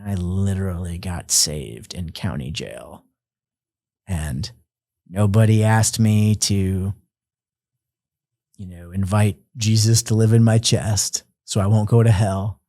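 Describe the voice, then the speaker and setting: A man's voice: low-pitched, takes it slowly, mellow, dry recording, studio quality. A man sharing his personal testimony as a podcast guest, earnest and reflective, at times emotional.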